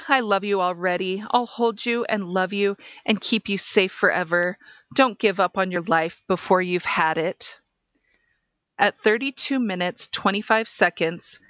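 A woman podcast host reading a case transcript aloud in a measured, deliberate way. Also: lowish voice, fairly bright tone, no room sound.

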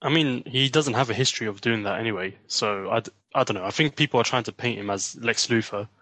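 A man's voice: medium pitch, fast talker, dry recording. Earnest male podcaster, dry sound. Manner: earnest, reasoning out loud, joking asides. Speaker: podcast co-host. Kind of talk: casual podcast chat.

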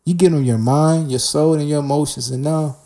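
Man with a slangy, dark, mellow voice. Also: fairly high pitch, steady tone, brisk, vocal fry. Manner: street slang, repeats and restarts, calls listener man and bruh. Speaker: Christian speaker sharing testimony. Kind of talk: candid spoken testimony.

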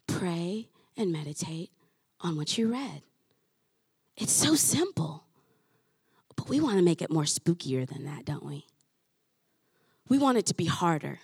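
A woman pastor delivers a lively sermon and acts out the voices of her listeners. Her voice is high and a little husky, and it leaps up and down in pitch. The sound is dry, with no room echo. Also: unhurried, pauses often. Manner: animated, acts out listeners' voices with rising exclamations.

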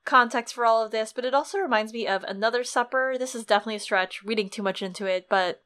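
A woman's voice: a little high, quick pace, fairly bright tone, clean tone. A woman co-hosting a podcast, chatting casually and rambling about a book with many fillers. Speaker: podcast co-host.

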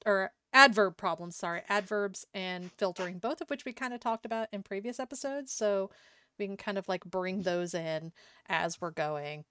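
A woman co-hosting a casual chat about writing, talking in a relaxed way full of "like" and "kinda". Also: medium pitch, clear, resonant tone, no echo, studio quality. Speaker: podcast co-host critiquing writing.

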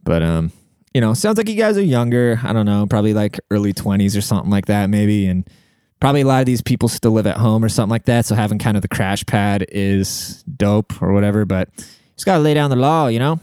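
A man's voice: lowish voice, lively intonation, quick pace, mellow, smooth, no room sound, clean studio sound. A man hosting a podcast in casual, rambling chat full of swearing and filler words, giving relationship advice. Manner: profane, rambling bro-talk with filler words. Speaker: podcast host and rapper.

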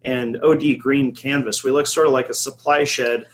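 A man's voice: medium pitch, steady tone, moderate pace, poor audio. A middle-aged man, a coffee shop owner, telling a rambling anecdote in casual chat, with many fillers and restarts.

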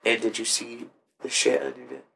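Dude poking at his buddy w blunt crude questions, mid pitch. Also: animated, normal speed, sharp tone. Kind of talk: crude casual chat.

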